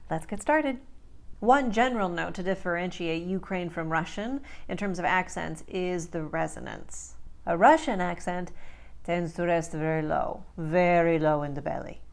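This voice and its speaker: A woman speech coach and host teaching accent sounds in a clear, deliberate way. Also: mid-range voice. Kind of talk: accent tutorial.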